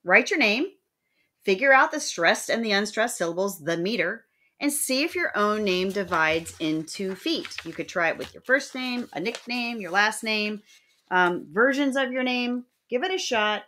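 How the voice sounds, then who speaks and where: A woman's voice: medium pitch, lively intonation, moderate pace, pushed and bright. Woman giving a recorded lecture. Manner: reads verse examples aloud in sing-song rhythm; plain explanatory delivery. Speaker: teacher.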